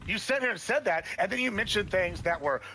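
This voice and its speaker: Combative fast-talking high-voiced man. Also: animated, over music. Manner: combative, talks over others, repeats "hold on". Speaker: debate guest. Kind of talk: heated livestream debate. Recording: clicking noise in background.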